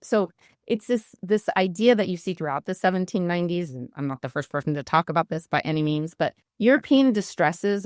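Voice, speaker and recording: A woman, a history professor, answering interview questions in a lively, explanatory way. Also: mid-range voice, no echo, studio quality.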